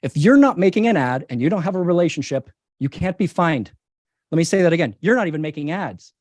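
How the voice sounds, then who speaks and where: A man's voice: on the high side, expressive, fast, a little mellow, dry recording. A man, a company CEO, answering interview questions in an emphatic, persuasive way and repeating his key points.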